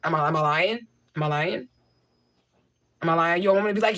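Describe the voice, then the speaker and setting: A woman hosts a casual livestream, answering viewer comments into a mic fitted with a homemade tissue filter, and she is blunt, repeating herself for emphasis. Her voice is on the low side and fairly bright, with a quick pace and no room sound.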